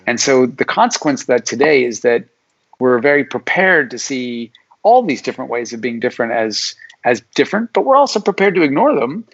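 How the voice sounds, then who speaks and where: A man's voice: medium pitch, very animated, brisk, creaky, fairly bright tone, breathy edge. A middle-aged man, a psychology professor talking as a guest in a casual interview, explaining ideas and acting out what imagined people would say. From Alaska, USA. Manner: explanatory, acts out imagined people's lines in quotes. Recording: dull lo-fi audio.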